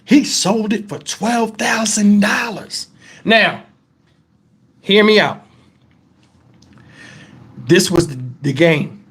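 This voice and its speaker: A man's voice: high-pitched, takes it slowly, long pauses, fairly bright tone, breathy edge. A middle-aged man tells a story straight to his viewers. He speaks in a heated, profane and emphatic way. It is an angry vlog storytime rant. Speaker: vlogger.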